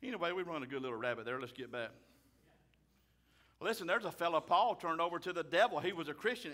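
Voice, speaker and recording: A man, a pastor preaching a fiery sermon loudly and emphatically. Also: on the high side, animated, fast talker. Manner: loud, emphatic, raises his voice.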